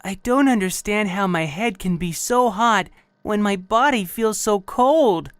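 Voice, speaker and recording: A woman's voice: mid-range voice, measured pace, clean tone, no room sound. A woman reading a child's lines in a scripted practice dialogue, plain and careful.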